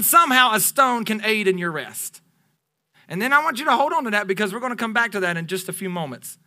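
A pastor in his thirties preaching a sermon to his congregation, animated and joking with them as he goes. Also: high-pitched. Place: church sanctuary.

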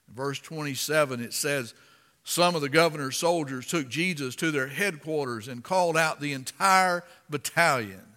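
A man preaching a sermon and reading scripture aloud, impassioned and dramatic, rising to loud emphasis. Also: medium pitch, long reverb tail.

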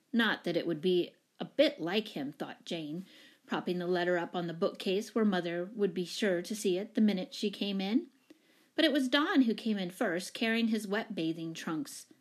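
A woman narrating a children's story in a calm, even reading voice. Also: mid-range voice.

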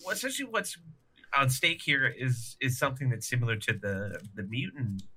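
A man's voice: medium pitch, sing-song, normal speed, pushed and bright, slightly rough. A man co-hosting a casual comic book podcast, laughing often, swearing and acting out the characters' lines. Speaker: podcast co-host.

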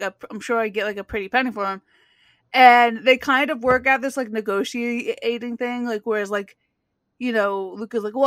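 A woman's voice: on the high side, fairly bright tone, no room sound. A woman co-hosting a casual recap podcast, retelling scenes with lots of "like" and frequent laughter. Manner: giggly, filler-heavy storytelling. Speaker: podcast co-host recapping a show. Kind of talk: casual chat.

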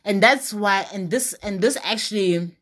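A woman giving dating advice in a casual monologue, sassy and emphatic, with big swings in pitch. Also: normal speed, fairly bright tone.

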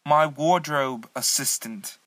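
A man's voice: on the high side, takes it slowly, bright, forceful tone. An actor playing a foul-mouthed, bossy male head of wardrobe who talks abrasively. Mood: angry. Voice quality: abrasive, swearing.

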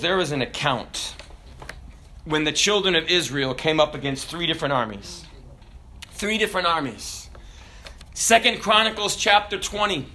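A male pastor preaching an animated sermon, acting out voices and breaking into shouts. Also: sits high, a little hiss or hum.

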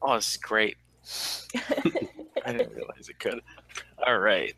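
Man, tabletop player, playful and jokey, lively bright voice. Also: fairly low pitch, unhurried, gravelly, no echo. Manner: playful, laughing. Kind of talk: casual tabletop play.

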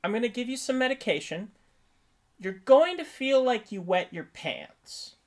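A man voicing a calm female nurse who explains a scan in a slow, matter-of-fact way, as part of a comic story. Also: fairly high pitch, pitched above the performer's own voice, close to an everyday voice. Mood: reassuring. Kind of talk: comic impression within a story.

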